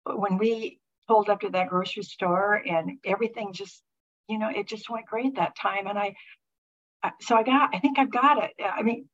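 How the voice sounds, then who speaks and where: A middle-aged woman sharing a personal faith testimony with a group, talking haltingly with many restarts and fillers. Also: medium pitch, fairly even intonation, a bit bright, a little hiss or hum. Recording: muffled lo-fi recording.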